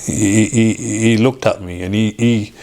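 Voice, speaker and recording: A middle-aged man with a somewhat low voice tells a personal story as an interview guest. He speaks haltingly, restarting phrases and acting out the things people said to him. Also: fairly even intonation, vocal fry, a little mellow. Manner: halting, with restarts and acted-out quoted dialogue.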